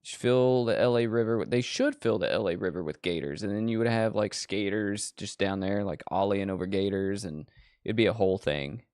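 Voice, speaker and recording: A man's voice: fairly low pitch, moderate pace, darkish tone, clear, resonant tone, no room sound, studio quality. A man hosting a horror movie show, chatting casually with profane, digressive storytelling. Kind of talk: casual rambling chat.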